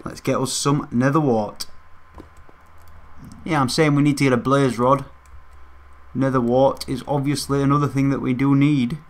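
A man's voice: mid-range voice, steady tone, moderate pace, pauses often. A young man hosting a gaming channel, chatting casually to his viewers as he plays. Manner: chatty, talks straight to viewers. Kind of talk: casual gameplay commentary.

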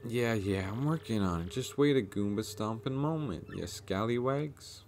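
A man voicing a rough, impatient male sailor from a video game, with clipped, grumbling salty talk. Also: medium pitch, lively intonation, moderate pace, a little mellow, slight background noise, voice pushed up, close to an everyday voice.

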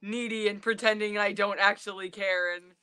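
A woman co-hosting a podcast in casual chat, giggly and animated. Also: mid-range voice, normal speed, clear, resonant tone, dry recording, clean studio sound. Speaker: podcast co-host.

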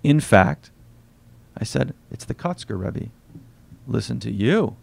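A man reading aloud from his own novel at a bookstore event, quiet and unhurried, voicing the dialogue softly. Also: mid-range voice, big pitch swings, vocal fry, husky.

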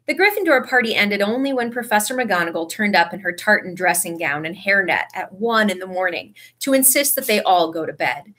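A woman reading a story aloud with expressive narration. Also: mid-range voice, a little fast, hardly any pauses. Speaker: audiobook reader.

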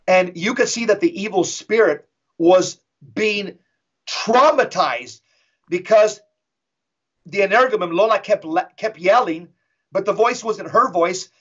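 A middle-aged man, a guest on an interview show, telling a dramatic story in an intense, emphatic way and slowing down for effect. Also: high-pitched, a bit bright, slightly rough. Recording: dull lo-fi audio.

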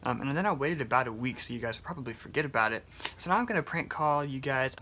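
A man's voice: mid-range voice, animated, fast talker, pushed and bright. A young man talking casually to his viewers about prank calling them, laughing often. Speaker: YouTuber. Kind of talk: casual vlog talk and prank call. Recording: faint background noise.

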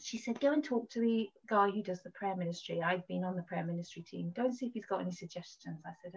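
A woman hosting a faith podcast, telling a personal story in a casual, animated way over a video call. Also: mid-range voice, quick pace, few pauses, husky. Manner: animated storytelling, acts out quoted voices. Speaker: podcast host sharing a testimony. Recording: dull lo-fi video-call audio.

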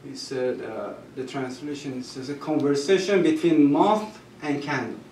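A man with a Persian accent and Persian as his first language, telling personal stories at a gathering, halting and restarting, with soft laughs. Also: mid-range voice, slight background noise. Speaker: storyteller at a gathering. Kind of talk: personal storytelling. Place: gathering room. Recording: echoey room, mic far off.

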